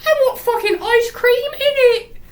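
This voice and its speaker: A woman voicing a bratty, excited little girl who squeals and drops mock British slang. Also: very high-pitched, unhurried, roomy sound, voice pushed up. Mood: bratty excitement.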